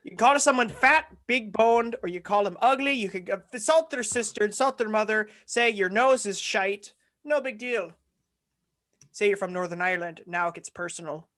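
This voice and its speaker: Bright-voiced joking young man. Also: sits high. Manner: joking, quick to slip into silly put-on voices; animated, laughs often. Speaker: podcast co-host. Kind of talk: casual chat.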